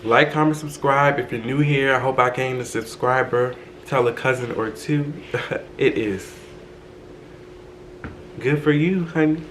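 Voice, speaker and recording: A man's voice: medium pitch, measured pace, pauses often, fairly bright tone, a little hiss or hum, rough recording. Chatty young man telling a story. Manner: chatty, laughing asides to viewers. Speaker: vlogger. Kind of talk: casual storytime chat.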